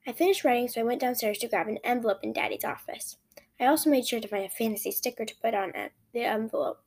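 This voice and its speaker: A woman's voice: a little high, fast talker, a little mellow. A woman hosting a podcast, reading her own story aloud expressively, with frequent restarts.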